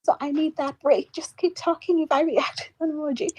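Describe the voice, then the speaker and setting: A woman hosting a live audio chat room, talking in a relaxed and light way. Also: sits high, fairly quick.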